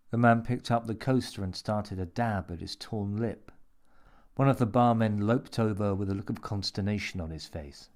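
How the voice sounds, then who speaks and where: A man reading a dark story aloud in a measured, steady narration. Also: lowish voice. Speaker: story reader. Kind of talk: audiobook narration.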